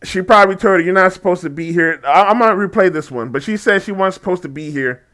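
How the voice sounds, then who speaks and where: A man's voice: high-pitched, quick pace, fairly bright tone. A man giving casual reaction commentary on a video, mocking and laughing often, with frequent swearing.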